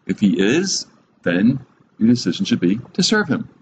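A man's voice: lowish voice, very animated, moderate pace, highs cut off, noisy background. A man giving a conversational Bible teaching, chuckling often, adding humorous asides and asking his listeners direct questions.

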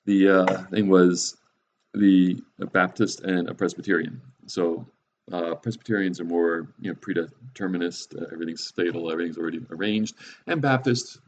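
A man's voice: low voice, steady tone, moderate pace, darkish tone. A middle-aged man teaching in a casual, conversational way, with frequent restarts and chuckles at his own jokes. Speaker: Christian speaker. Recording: dull lo-fi recording with faint noise.

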